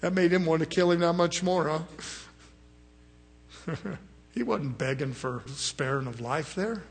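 A man preaching a sermon, swinging between loud rising exhortation and low murmured asides, acting out other people's words in quoted voices. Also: measured pace, gravelly, slight background noise.

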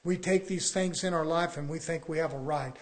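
Fired-up preacher guy, kinda high voice, hammering rhetorical questions and suddenly getting loud. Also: fairly quick. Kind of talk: fiery sermon.

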